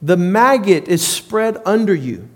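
A man's voice: high voice, big pitch swings, measured pace. A man preaching a sermon in an emphatic, repetitive way.

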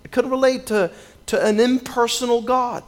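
A man preaching a sermon and telling his own story, often repeating words at the start of his phrases and dropping low and quiet when he acts out his younger self. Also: steady tone, normal speed. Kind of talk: sermon with personal testimony.

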